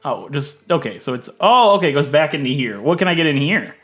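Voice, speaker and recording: A man giving casual gameplay commentary, chatty and thinking aloud, swinging from low muttering to loud mock outrage. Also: big pitch swings, a little fast, faint music behind. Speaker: let's play gaming creator.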